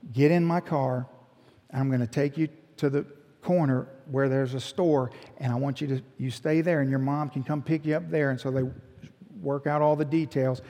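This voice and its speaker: A middle-aged man, a pastor telling a story in a sermon and acting out the people in it. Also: mid-range voice. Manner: animated storyteller, voicing the people in his story. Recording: long hall reverb.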